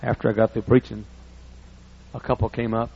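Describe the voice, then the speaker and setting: A man's voice: on the low side, level tone, a little fast, vocal fry, darkish tone, husky. An older man preaching a folksy storytelling sermon. He acts out the dialogue in raised voices. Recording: muffled lo-fi recording.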